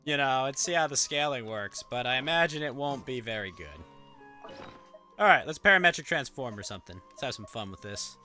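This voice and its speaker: A man's voice: medium pitch, lively intonation, a little fast, sharp tone, soft background music. A man streaming a game, chatting casually in a wry, rambling way with offhand swearing. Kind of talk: casual gameplay commentary.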